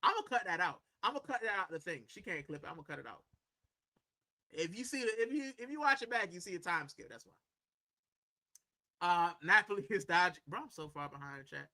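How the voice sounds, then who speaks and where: A man livestreams from a corner at home in a high, very bright, forceful voice, talking animatedly and fast. He rambles casually, responds to viewer comments, and drops "bro" into nearly every sentence.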